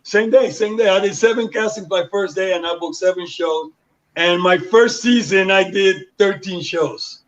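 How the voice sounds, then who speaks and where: A high-voiced man of about sixty-something from Panama, speaking at a moderate pace, tells his life story as an interview guest. He acts out the voices of the people involved, and the recording sounds dull and lo-fi.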